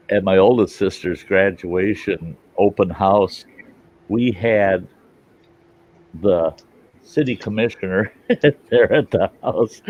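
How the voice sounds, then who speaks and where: Casting: low-voiced man, casual rambling storyteller, salty and laughing, lo-fi recording. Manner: rambling, laughs a lot, folksy and profane. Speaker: host. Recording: dull lo-fi sound with faint hiss.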